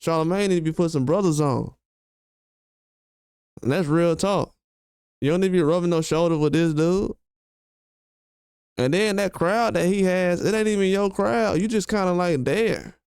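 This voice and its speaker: A man's voice: sits high, moderate pace, pauses often, a little mellow, clean tone, no echo, clean studio sound. A man hosting a commentary video, ranting in a heated, slangy, emphatic way and repeating his points. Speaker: commentary channel host. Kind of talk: casual commentary rant.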